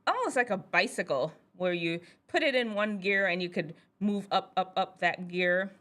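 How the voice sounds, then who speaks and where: A woman physician hosting a show for teens, telling a casual personal story in an animated, chatty way and laughing often. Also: on the low side, moderate pace. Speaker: host, physician.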